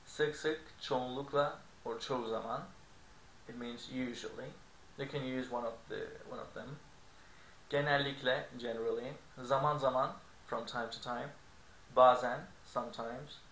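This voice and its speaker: A man's voice: medium pitch, steady tone, normal speed, a bit bright. A man explaining grammar in an online language lesson, checking in with frequent "okay?" asides. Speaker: language teacher. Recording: echoey room with faint noise.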